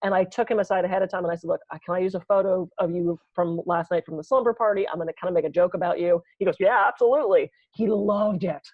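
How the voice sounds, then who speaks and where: A woman's voice: on the low side, steady tone, quick pace, hardly any pauses, no echo, lo-fi sound. A woman co-hosting a podcast, telling sarcastic jokey stories in casual chat. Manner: joking, sarcastic storyteller. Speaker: podcast co-host.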